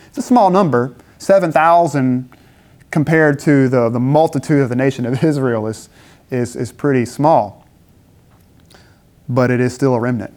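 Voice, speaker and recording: Man, preacher, conversational sermon, rhetorical questions, middle-pitched voice. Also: moderate pace, darkish tone. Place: campus dinner gathering.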